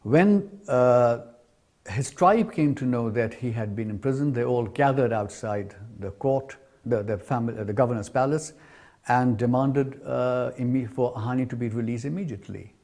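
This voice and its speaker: A man's voice: mid-range voice, moderate pace, mellow. A man narrating a historical story in an explanatory way.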